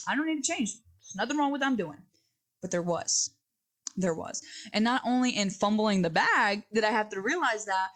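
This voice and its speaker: A woman hosting a solo podcast, talking in a rambling, earnest and self-reflective way, acting out little quoted exchanges as she goes. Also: lowish voice. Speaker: podcast host.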